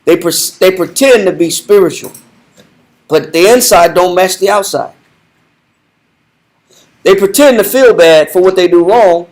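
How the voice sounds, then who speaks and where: A man's voice: high-pitched, a little mellow. A man teaching a Bible study, directing a reader and repeating his points with commanding emphasis.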